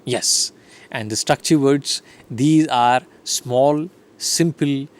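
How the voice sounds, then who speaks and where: Guy giving an online lecture, goes slide by slide, keeps checking "right?", mid pitch. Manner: explains slide by slide, often checks in with "right?" and "fine". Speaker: English lecturer.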